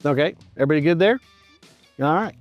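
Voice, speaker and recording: A man's voice: fairly high pitch, lively intonation, quick pace, no echo, muffled recording, faint music behind. A middle-aged man hosting a barbecue cooking show outdoors at a grill, chatting enthusiastically and straight to his viewers as he tastes. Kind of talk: casual cooking and tasting commentary.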